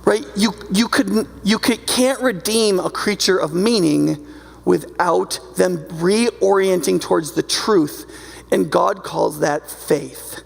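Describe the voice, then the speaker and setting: A man's voice: high-pitched, slow pace, vocal fry. A male pastor preaching a sermon in a loose, conversational way, often checking in with his listeners. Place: church sanctuary. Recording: long hall reverb from a church.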